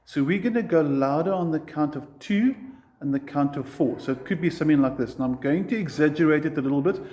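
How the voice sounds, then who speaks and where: Male guitar tutor, patient and clear, counts along, slightly higher voice. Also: quick pace, mellow. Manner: patient, counts beats aloud. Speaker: guitar teacher. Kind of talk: guitar lesson.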